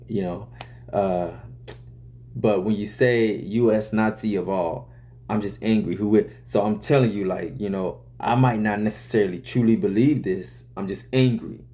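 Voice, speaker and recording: Man, rapper, casual talk to camera, low pitch, warm dark tone, loose and profane, filler-heavy. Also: moderate pace. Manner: loose, profane, full of "you know" and "uh". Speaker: rapper explaining his own lyrics.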